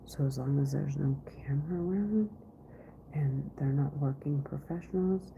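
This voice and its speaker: A woman vlogging from her office in a rambling monologue, often half-whispered and halting, with many restarts. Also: low voice, creaky, dark tone. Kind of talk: rambling live-stream monologue. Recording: tinny phone-like recording, faint noise.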